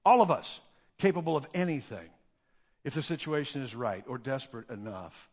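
A man preaching a sermon, telling Bible stories in a folksy, animated way with acted-out quotes. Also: mid-range voice, normal speed. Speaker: pastor.

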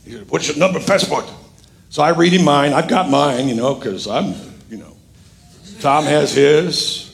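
This middle-aged male pastor has a slightly high voice with vocal fry and an unhurried delivery. During his sermon he spins an animated, humorous story, performing the quoted lines of the other people in it.

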